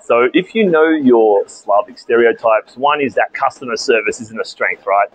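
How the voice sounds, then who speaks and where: Standing outside at a bus station, a young Australian vlogger chats to the camera, retelling a story with animation and side comments. He speaks at a normal speed in a mid-range voice, on a dry, low-quality recording.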